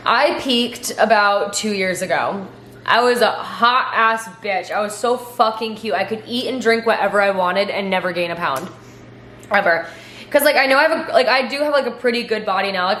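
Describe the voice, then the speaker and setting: A woman's voice: mid-range voice, fairly bright tone. A young woman in her twenties telling stories in a casual question-and-answer vlog, chatty, full of fillers and swearing. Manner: chatty, filler-heavy, profane. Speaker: vlogger. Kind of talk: casual Q&A storytelling. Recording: echoey room.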